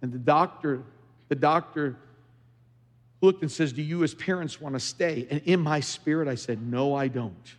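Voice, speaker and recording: A man's voice: a little high, moderate pace. A middle-aged male pastor preaching a sermon, telling a personal story and rising into fervent exhortation. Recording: large hall with long reverb.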